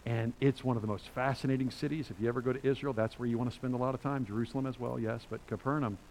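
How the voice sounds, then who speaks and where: A man preaches to his congregation in a conversational, emphatic way, breaking into loud bursts. His voice sits in a middle pitch. A faint hiss runs under the recording. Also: steady tone, racing, poor audio. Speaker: pastor. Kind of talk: sermon.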